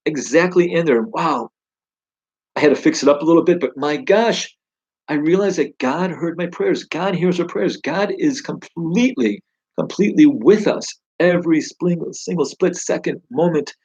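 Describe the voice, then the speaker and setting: Male Torah teacher, husky, eager and chatty; slightly dull recording. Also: on the high side, moderate pace, darkish tone. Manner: enthusiastic, conversational, exclaims wow. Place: home study.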